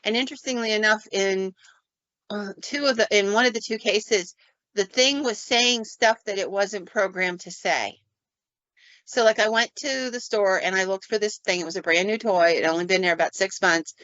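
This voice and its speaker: A woman, a paranormal investigator, telling stories in a casual podcast chat and acting out sounds and quotes with lively flair. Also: mid-range voice, moderate pace, no room sound. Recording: dull, dry lo-fi recording.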